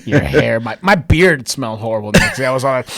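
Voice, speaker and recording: A man's voice: mid-range voice, quick pace. Laughing, swearing podcast co-host man. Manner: animated storytelling, acts out quotes with loud laughing shouts; swears casually. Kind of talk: casual chat. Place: Chicago.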